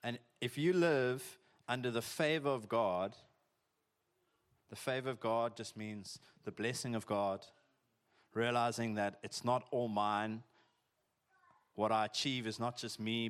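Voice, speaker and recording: A man's voice: fairly low pitch, normal speed, smooth. A man preaching a sermon in a conversational, jokey way, peppered with "like" and "eh". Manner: conversational, chatty, uses "eh" and "like", jokey asides. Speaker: pastor.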